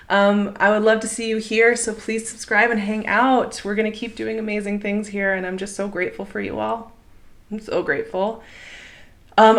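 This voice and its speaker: Young woman, slightly low voice, gentle encouraging tarot reader, earnest, talks to viewers directly. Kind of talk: intuitive tarot reading monologue.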